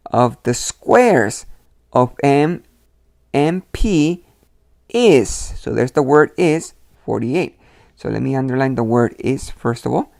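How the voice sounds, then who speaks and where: A man teaches algebra at an unhurried pace, breaking each step down and checking in with his students as "you guys." His voice sits at a middle pitch and is recorded close and dry, with no room sound. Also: creaky, a little mellow, no room sound. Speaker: math teacher.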